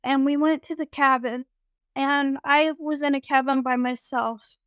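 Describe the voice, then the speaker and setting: A woman recounting a personal spiritual experience in a reflective, storytelling way, pausing often with "um". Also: high voice, steady tone, fairly bright tone, no echo. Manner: slow, reflective, with frequent "um" pauses. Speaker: guest sharing a spiritual experience.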